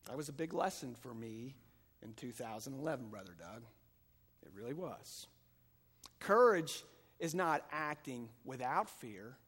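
A man preaching a sermon as pastor, moving between calm teaching and loud, fervent passages. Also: mid-range voice, unhurried, breathy edge. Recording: long hall reverb.

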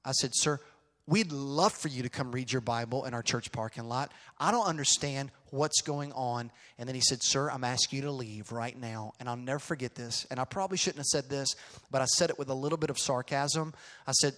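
A middle-aged male pastor telling a story in a sermon, swinging from quiet asides to loud, emphatic outbursts. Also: mid-range voice, steady tone, fairly quick. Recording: long reverb of a large hall.

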